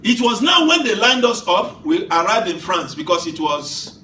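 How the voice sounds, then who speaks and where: A man in his fifties preaching a sermon as pastor, swinging from soft asides to shouted declarations and laughing through his stories. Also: high voice, sing-song, moderate pace, slight background noise. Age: 50s. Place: church hall. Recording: echoey church hall from far off, with music.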